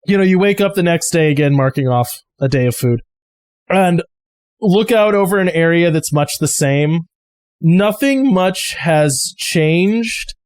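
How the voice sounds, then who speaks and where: A man's voice: fairly high pitch, animated, a little slow, a little mellow, no room sound, studio quality. A man narrating a tabletop game as game master, casual and chatty with many fillers.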